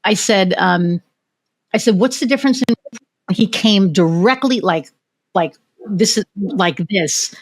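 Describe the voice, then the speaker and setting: An American woman hosts a podcast, candidly telling personal stories in casual interview chat and swearing freely. Her medium-pitched voice is animated and unhurried.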